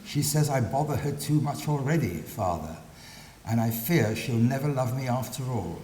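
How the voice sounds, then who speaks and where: A man's voice: expressive, normal speed, warm tone, natural voice. A man reading aloud the lines of an earnest, lovesick young farmhand in a play. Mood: worried. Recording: echoey lecture hall, faint rumble.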